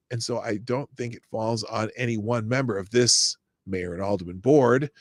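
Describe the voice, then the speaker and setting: A middle-aged man hosting a live-stream news commentary show, reading stories and chat with sarcasm and breaking into shouted rants. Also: mid-range voice, dry recording, clean studio sound.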